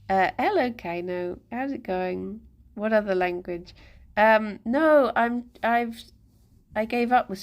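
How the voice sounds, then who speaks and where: A woman live streamer chatting casually with her viewers, rambling and self-deprecating, chuckling as she goes. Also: fairly low pitch.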